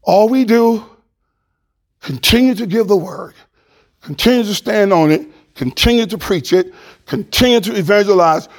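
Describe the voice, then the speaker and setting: A male pastor preaching a sermon with animated preaching that drops to a hush. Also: high voice, moderate pace.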